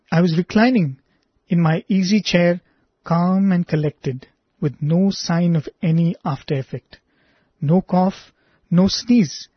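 A man reading a personal testimony aloud in an earnest, measured way, then speaking reflectively to listeners as a presenter. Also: high-pitched, breathy edge, no echo. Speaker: devotional radio presenter. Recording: dry, slightly dull lo-fi recording.

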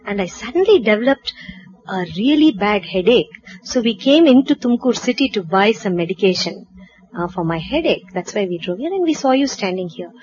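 A woman voicing a fussy, protective elderly auntie, brisk and scolding. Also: medium pitch, expressive, darkish tone, lo-fi sound, a little hiss or hum, lightly acted. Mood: kindly.

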